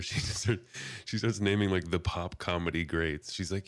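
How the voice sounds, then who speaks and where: Low-voiced young man, laid-back. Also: steady tone, normal speed, dry recording, studio quality. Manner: laid-back, laughs often. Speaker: podcast co-host. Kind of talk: casual chat, storytelling.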